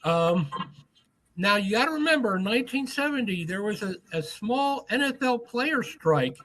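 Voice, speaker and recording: Man, high voice, author guest, storytelling, acts out quotes. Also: normal speed, poor audio. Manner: animated anecdote teller, acts out quoted lines. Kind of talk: storytelling in a podcast interview.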